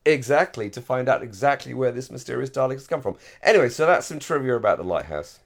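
A man's voice: mid-range voice, lively intonation, fast, vocal fry. An English man with a received pronunciation accent, chatting enthusiastically as a podcast co-host, with fillers and restarts. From England, Surrey-Hampshire border. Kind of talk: casual chat.

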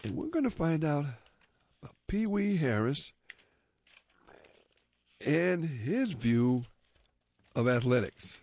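Slow, husky-voiced man reading aloud. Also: fairly high pitch, very animated, darkish tone. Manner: describes pictures off the cuff. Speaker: radio reading service reader. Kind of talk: casual reading aloud to listeners. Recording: muffled lo-fi recording.

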